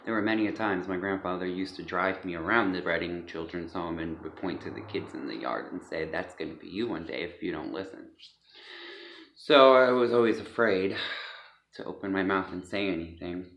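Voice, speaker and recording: A man giving a personal testimony, speaking hesitantly with many pauses and fillers, recorded in an echoey, dull room. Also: deep voice, fairly bright tone. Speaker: speaker sharing a personal story.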